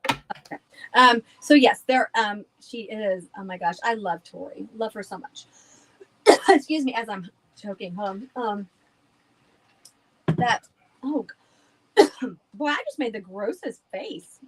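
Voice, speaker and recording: A woman's voice: mid-range voice, animated, a little slow, long pauses, a little hiss or hum, rough recording. A woman guest on a podcast, chatting casually and rambling with frequent laughs. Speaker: guest, haunted house owner.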